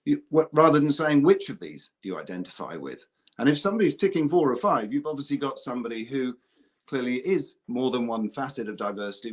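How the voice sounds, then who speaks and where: A man speaking on a conference panel as a recruitment executive, earnest and conversational, often restarting his sentences. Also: mid-range voice.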